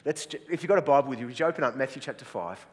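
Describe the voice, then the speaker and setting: A man's voice: mid-range voice, lively intonation, racing. A middle-aged Australian man preaching a sermon in a chatty, joking, self-deprecating way. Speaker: pastor. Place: church hall with audience. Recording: reverberant church hall.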